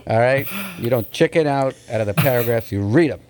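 A man's voice: medium pitch, a little fast, a little mellow, a little hiss or hum. A man hosting a podcast, bantering casually with his co-hosts, joking and swearing as he reads out news stories. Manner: joking, profane, laughs often. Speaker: podcast host.

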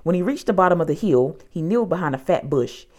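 A woman narrating a children's storybook in an expressive, dramatic way. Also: lowish voice, fast.

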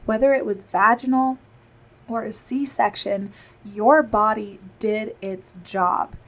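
A woman's voice: medium pitch, fairly even intonation, slow, rough recording. A woman in her thirties hosting a podcast, talking earnestly and reassuringly straight to her listeners. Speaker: podcast host and postpartum body therapist. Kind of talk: solo podcast talk.

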